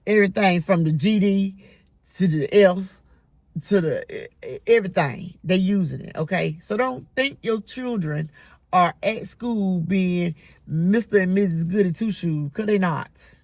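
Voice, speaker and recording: Middle-aged bus driver vlogging, firm and scolding, gravelly fry in the voice. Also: medium pitch, a little slow, a little mellow, dry recording. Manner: scolding, emphatic, repetitive. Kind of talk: casual monologue vlog.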